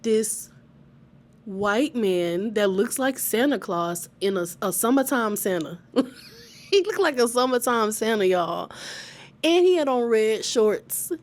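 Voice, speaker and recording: A woman chatting casually to her viewers as she tells a personal story, lively and laughing often. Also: fairly high pitch, takes it slowly. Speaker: vlogger telling a personal story.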